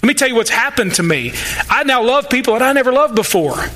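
A man's voice: very high-pitched, very animated, quick pace, sharp tone. A male pastor preaching a sermon, folksy and emphatic, with joking asides and mock-sarcastic quotes.

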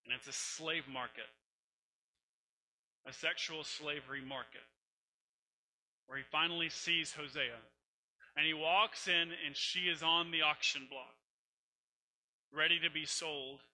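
Preacher guy, really bright voice, kinda high, storytelling sermon, faint hum behind. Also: low-quality recording. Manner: storytelling, emphatic, conversational. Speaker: pastor.

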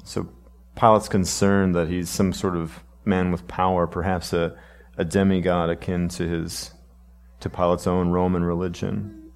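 Deep, slow-speaking preacher. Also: male voice, flat delivery, vocal fry. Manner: slow, reflective, asking the listeners questions. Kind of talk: sermon.

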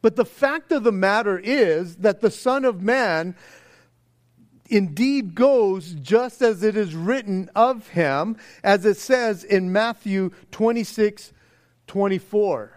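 A man preaches slowly as a pastor, his voice sitting high and animated. The sermon feels earnest and casual, with stammered restarts and frequent impressions of the voices he quotes.

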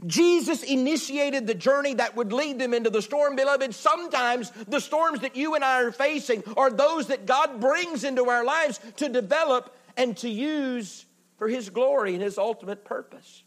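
A male pastor preaching a sermon in a church, swinging from loud declarations to hushed words, with folksy asides to the congregation. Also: very high-pitched, normal speed. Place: church building.

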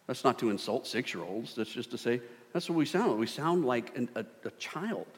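A middle-aged man preaching a sermon, animated, swinging from loud bursts to hushed tones. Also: mid-range voice, brisk. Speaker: pastor. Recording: long hall reverb.

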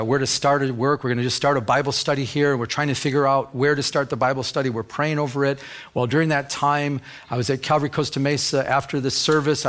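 A middle-aged man, a pastor, preaching a sermon and telling a personal story in an earnest, animated way, often stumbling on "I". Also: medium pitch.

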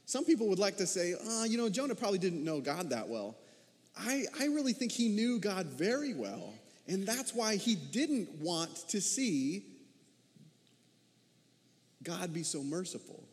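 In a large hall with long reverb, a pastor preaches in a fairly high, slightly mellow voice with big pitch swings and a measured pace. His style is conversational, and he often addresses the congregation with rhetorical questions.

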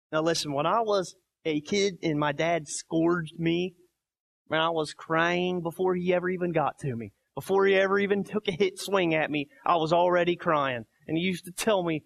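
A pastor in his thirties preaching a sermon, emphatic, swinging between soft quoted lines and loud barking. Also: on the high side, moderate pace, gravelly.

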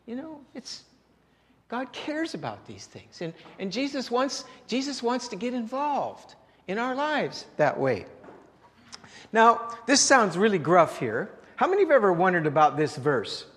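High-voiced preaching man in a reverberant hall. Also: big pitch swings, a little slow, fairly bright tone. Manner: conversational, repeats words, asks the congregation rhetorical questions. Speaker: pastor. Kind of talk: sermon.

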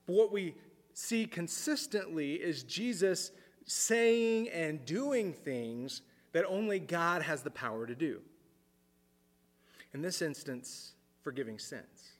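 A man preaching a sermon in an earnest way, repeating words as he thinks aloud and dropping his voice low for emphasis. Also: expressive, slow pace, big-room sound. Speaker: pastor.

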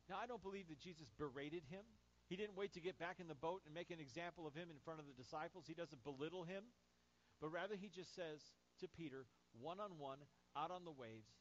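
Male pastor with a slightly high voice, preaching and acting out scripture, on a muffled recording. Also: a little fast. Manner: animated, acts out Bible quotes. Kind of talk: sermon. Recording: dull lo-fi church recording with faint hum.

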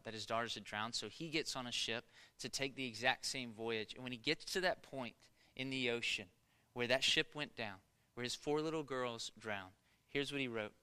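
A man in his thirties preaching a sermon in a conversational storytelling way, swinging between loud bursts and hushed passages. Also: mid-range voice, clean tone. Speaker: pastor.

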